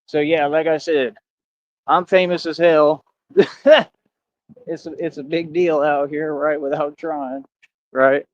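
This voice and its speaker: A man's voice: fairly high pitch, little pitch movement, takes it slowly, long pauses, no echo. A grown man hosting his own online show, ranting at critics in a confrontational way and dropping "right?" after his points. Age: adult. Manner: confrontational, repetitive "right?" asides. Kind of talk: casual ranting monologue. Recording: dull, dry lo-fi audio.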